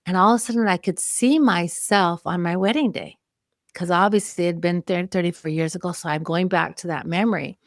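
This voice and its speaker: A woman's voice: lowish voice, a little fast, no room sound, studio quality. A woman in her fifties from Mexico, a podcast guest telling a personal story earnestly and with emotion. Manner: earnest, emotional, vividly reliving memories.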